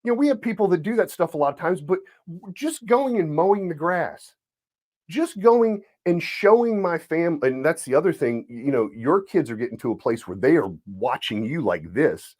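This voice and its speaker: A middle-aged man hosts a casual podcast. His pitch rises and falls lively as he tells personal stories, slowing down to stress simple moments. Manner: animated storytelling with swooping pitch. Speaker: podcast host.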